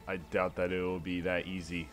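A man reading a condescending older male villain from a game, in a lowered, measured voice. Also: completely flat delivery, faint music behind, close to an everyday voice.

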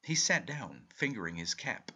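A reader with a deep, husky voice that carries a bright edge narrates a short story in the first person, audiobook style. His telling is measured and expressive, and his pitch roams widely.

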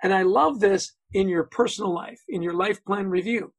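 A man's voice: high voice, normal speed, husky, no echo, rough recording. A man speaking as a guest on a video-call webinar, telling anecdotes, acting out quotes and saying "you know" often. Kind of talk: conversational webinar talk.

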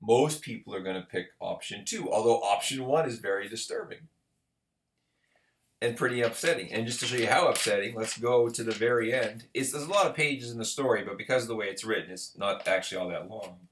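A man's voice: on the low side, a little fast, fairly bright tone, slight background noise. A man giving a recorded literature lecture in a conversational way, often checking in with the listener. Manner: conversational, checks in with "right?" and "okay". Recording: roomy echo.

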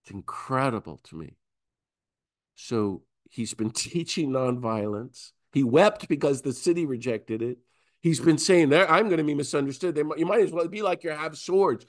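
Man, priest, Bible class teaching, animated storytelling, acts out characters. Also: normal speed. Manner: animated, acts out disciples in high voices.

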